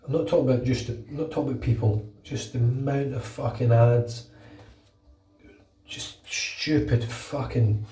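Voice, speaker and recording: Speaking at a moderate, steady pace in a mellow mid-range voice, this British man rambles and swears his way through a casual vlog as he shaves his head at home, nursing a slight cold. He's off-mic in an echoey bathroom.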